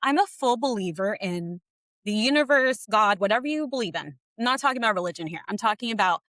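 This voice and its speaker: Tearful, fast-talking woman podcaster. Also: medium pitch, lively intonation, a bit bright, no room sound. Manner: tearful, fast, says like a lot. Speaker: podcast co-host sharing her story. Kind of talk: emotional personal storytelling.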